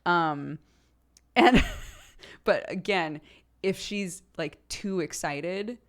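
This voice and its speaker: A chatty woman streamer in her thirties with a somewhat low-pitched voice. She talks casually and tells anecdotes, laughing often. She acts out the quotes in her stories as she goes. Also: very slow. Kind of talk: casual chat on a livestream.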